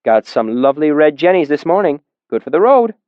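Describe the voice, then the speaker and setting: A man voicing a brusque, snippy female innkeeper in a raised, sharp voice, on a dull, dry recording. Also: big pitch swings, fairly quick, smooth, no room sound. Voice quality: high, sharp and impatient.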